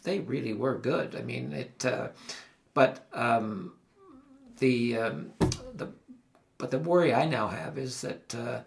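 Older man with an Ottawa Valley accent, heavy vocal fry, mid pitch; a reflective local host who tells meandering stories. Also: slow, slight background noise. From Ottawa Valley, Canada. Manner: rambling, with restarts and asides. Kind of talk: reflective conversational storytelling.

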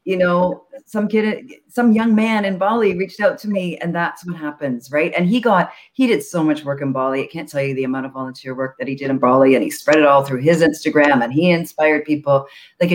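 Chatty founder guest on a live show, mid-pitch voice, lots of you-knows. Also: normal speed. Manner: chatty, animated storytelling with many fillers.

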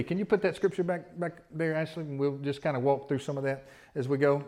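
A pastor preaching a sermon, his voice sitting a little high for a man. He talks in a folksy way, repeats his words and presses his points with rising emphasis. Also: brisk, a little mellow. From Southern United States.

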